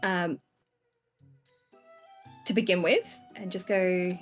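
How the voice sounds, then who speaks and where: A woman's voice: fairly low pitch, steady tone, slow, faint music behind. A woman playing a tabletop game, chatting casually and hesitantly with frequent fillers. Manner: hesitant, with many "um"s. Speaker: player.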